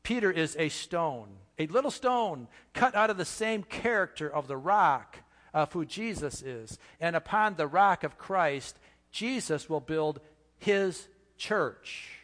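Male pastor, slightly high voice, earnest sermon with repetitions; long hall reverb. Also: animated, a bit bright. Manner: earnest preaching with slow emphatic pauses and repetitions.

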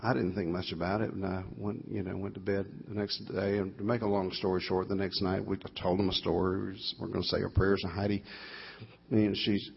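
A low, gravelly middle-aged man with a drawl, rambling through a homespun story and correcting himself as he goes. His voice is husky, and the live church recording sounds dull and lo-fi. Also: little pitch movement, a little fast. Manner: folksy, meandering, self-correcting. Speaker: guest guitarist telling a story at a church concert.

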